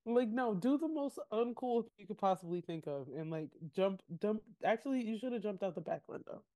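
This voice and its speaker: Recapping a show on the podcast she co-hosts, a young adult woman chats casually at a fairly quick pace in a mid-range voice. She stays animated, performing quotes and laughing along.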